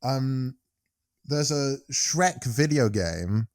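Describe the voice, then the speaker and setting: A British man from the United Kingdom co-hosts a podcast, rambling casually and often trailing off mid-sentence. His mid-range voice is expressive but extremely slow, in clean studio sound with no echo.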